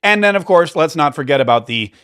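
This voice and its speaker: Brief: male commentary host, higher-than-average voice, loose rambling delivery with sarcastic asides. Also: lively intonation, fast talker, fairly bright tone, smooth. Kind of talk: casual political commentary.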